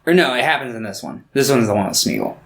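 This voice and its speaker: A man's voice: mid-range voice, big pitch swings, quick pace, gravelly. A young man co-hosting a casual podcast chat, telling stories animatedly, swearing and acting out quotes. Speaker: podcast co-host.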